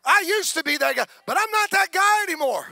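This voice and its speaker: Healed leper, man, played by a Southern US preacher, shouting, overjoyed, very high. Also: animated, fairly quick, creaky, dry recording, clean studio sound, heavily acted. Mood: exultant. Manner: shouting in joy.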